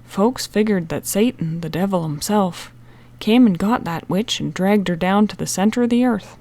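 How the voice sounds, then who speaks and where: Lady reading as stern old-fashioned country woman, low intense voice, spooky warning. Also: normal speed, warm tone, lightly acted. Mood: ominous.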